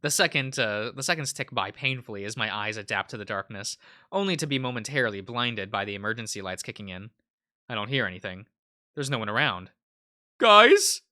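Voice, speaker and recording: A man's voice: on the low side, a little fast, sharp tone. A man hosting a let's play, reading a visual novel aloud in a casual way with fillers.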